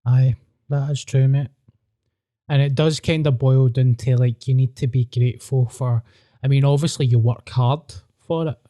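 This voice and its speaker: A man's voice: medium pitch, fairly even intonation, normal speed, dark tone, no echo, studio quality. A man with a Glaswegian Scottish accent, a comedian hosting a podcast, chatting bluntly with sweary, self-mocking banter. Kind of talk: casual podcast chat.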